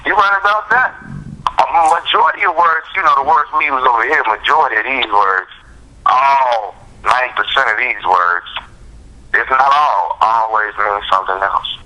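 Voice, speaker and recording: A man's voice: mid-range voice, moderate pace, sharp tone, poor audio. A man in casual conversation who keeps agreeing and affirming the other speaker.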